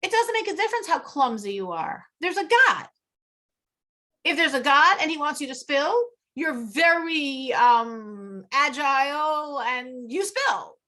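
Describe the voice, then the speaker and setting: A woman's voice: sits high, animated, unhurried, pushed and bright. A middle-aged woman teaching a women's class on faith, speaking animatedly and acting out inner voices with frequent laughs. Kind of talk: lecture with group discussion.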